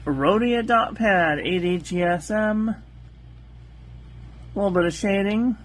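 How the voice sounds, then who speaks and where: Slow, soft-spoken woman testing paper. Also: medium pitch. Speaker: calligraphy channel host. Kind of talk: calm ink-on-paper test review.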